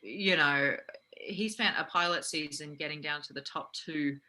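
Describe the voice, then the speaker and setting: Chatty woman, bright voice. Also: sits low, a little slow, rough recording. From Australia. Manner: animated, laughs often, many fillers. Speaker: guest, actress and acting coach. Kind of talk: casual interview conversation.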